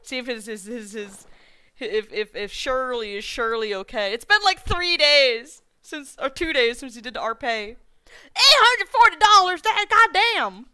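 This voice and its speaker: High bright-voiced woman streamer. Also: animated, measured pace, smooth. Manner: thinks aloud, rambling to herself; playful folksy slang. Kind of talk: live gameplay commentary.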